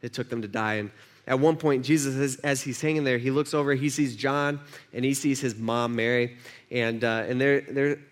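A man's voice: medium pitch, steady tone, normal speed. A man preaching a conversational sermon, acting out the voices he quotes. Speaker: pastor.

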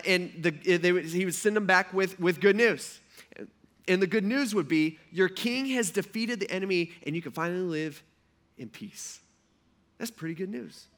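Man, pastor, sermon, high voice, bright tone, animated, joking.

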